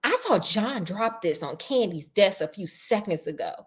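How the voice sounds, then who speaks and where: A woman's voice: mid-range voice, lively intonation, normal speed, close to an everyday voice. A woman voicing a whiny teenage schoolgirl with a nasal twang, a tattletale in a storybook reading. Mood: shrill.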